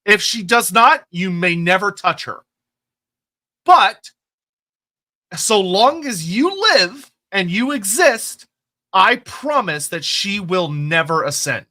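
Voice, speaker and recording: A man voicing an imperious deity who hands down a slow, stately judgment. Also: high-pitched, lively intonation, sharp tone, heavily acted.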